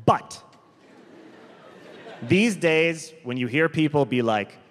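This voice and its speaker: Recorded live in a theater with long reverb and faint noise, a man tells a stand-up comedy story slowly in a slightly high, expressive voice. He rambles, corrects himself in asides, and throws in sudden emphatic outbursts.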